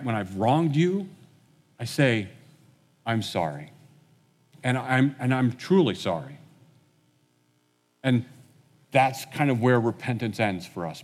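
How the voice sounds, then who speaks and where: A man's voice: medium pitch, a little mellow, husky. A male pastor delivers a sermon in an easy, conversational manner, retelling a story and voicing its characters as he goes. His voice sits in a middle register. A long reverb trails each phrase, as in a large hall. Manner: conversational storytelling, acting out quotes.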